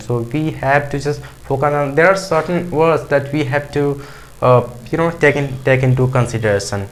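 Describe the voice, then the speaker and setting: A man's voice: on the high side, poor audio. A man giving casual spoken advice to learners, earnest and loosely strung together, repeating himself as he goes. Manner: earnest, loose and repetitive, piling up clauses. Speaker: English teacher on a video channel.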